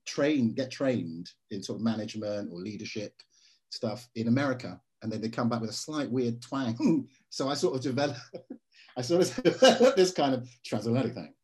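Man, actor guest, mid-pitched voice, chatty, acts out quotes, casual interview. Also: normal speed. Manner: lively storytelling, acting out quotes in voices.

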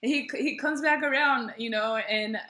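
A woman's voice: a little high, moderate pace, bright, forceful tone. A woman in casual chat, telling a story animatedly, acting out voices and laughing often.

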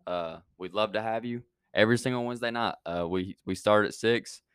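A man's voice: on the low side, fairly quick, fairly bright tone, smooth, no room sound, clean studio sound. A man hosting a youth church podcast, rambling with many fillers and restarts, then praying. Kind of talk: casual chat and prayer.

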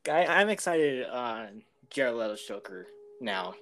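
A young man co-hosting a casual podcast, speaking in a relaxed, easygoing way. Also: mid-range voice, takes it slowly. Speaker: podcast co-host. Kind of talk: casual chat.

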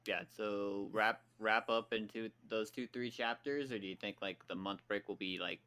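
A man's voice: on the low side, steady tone, bright, forceful tone, clean tone. A man co-hosting a casual podcast chat in a playful, teasing way. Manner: playful, quick to laugh and tease. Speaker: podcast co-host.

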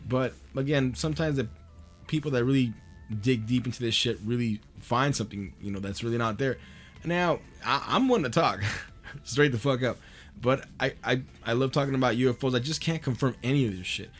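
A man's voice: medium pitch, a little fast. A man hosting a podcast in a loose, profane monologue, laughing often as he talks. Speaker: podcast host.

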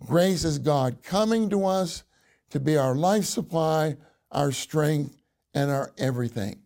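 A male minister delivers a sermon with slow, measured pacing and a gravelly rasp in his voice. His tone is dark and mellow, and his pitch sits a little higher than most men's. He drives his points home by deliberately repeating key phrases. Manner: slow, deliberate preaching with emphatic repetition. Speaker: minister speaking to a congregation.

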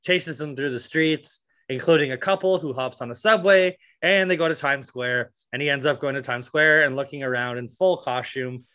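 A man's voice: mid-range voice, moderate pace, few pauses, pushed and bright. A man co-hosting a podcast, chatting casually about movies in a rambling way, with lots of fillers and swearing. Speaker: podcast co-host.

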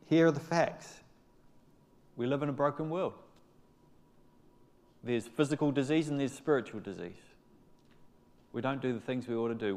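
Animated male pastor preaching. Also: medium pitch. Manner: animated, rising to loud exclamations and dropping to soft appeals. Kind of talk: sermon.

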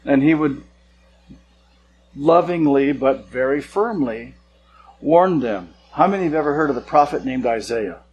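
A male pastor giving a sermon in a relaxed, conversational way, with casual asides, slowing down to stress key words. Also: medium pitch, highs cut off, a little hiss or hum.

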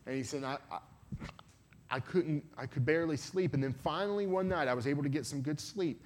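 A man's voice: on the high side, fairly quick. A man giving an earnest sermon to a youth event, retelling a story with many quoted lines and pleading with listeners. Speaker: evangelist, guest speaker.

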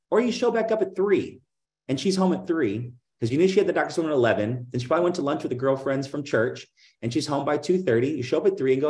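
A man's voice: fairly high pitch, quick pace, echoey room. A middle-aged man, a guest on an interview, talking casually and animatedly about selling, full of fillers and acting out other people's lines. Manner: animated, acts out dialogue in other voices; many fillers like "like" and "right?". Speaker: guest, insurance agency owner.

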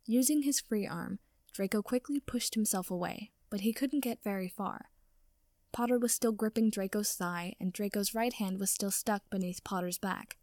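A woman reading a story aloud as narrator, in a steady storytelling manner. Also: mid-range voice, moderate pace, dry recording, clean studio sound. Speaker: audiobook reader. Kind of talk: fan fiction reading.

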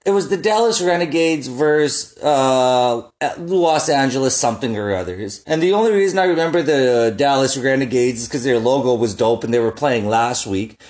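A young man telling rambling, profane stories in a casual solo chat, often laughing at his own jokes. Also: mid-range voice. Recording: echoey room.

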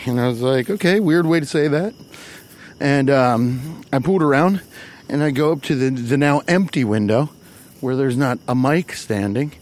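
A man's voice: mid-range voice, moderate pace, darkish tone. A man telling a profane, exasperated comedy story, acting out the people he quotes. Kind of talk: stand-up storytelling.

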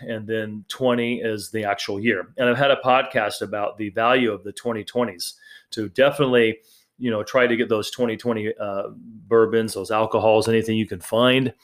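A man with a fairly low voice talks casually on his own podcast. He rambles in a friendly, chatty way, doubling back on his words and filling pauses as he goes. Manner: rambling, chatty, frequent fillers and restarts. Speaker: podcast host. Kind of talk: casual solo podcast talk.

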